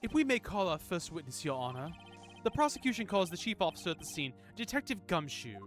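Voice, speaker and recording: A man's voice: sits high, sing-song, quick pace, fairly bright tone, pitched above the performer's own voice. Man playing a haughty posh prosecutor, put-on British accent, clipped formal delivery, raised voice, faint music. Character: snooty posh young male prosecutor. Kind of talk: reading game lines aloud on stream.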